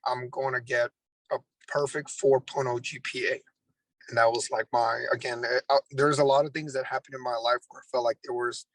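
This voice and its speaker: A man's voice: mid-range voice, vocal fry, a bit bright, no room sound, low-quality recording. A man, a Marine drill instructor, earnestly telling a personal story in an interview, with many restarts.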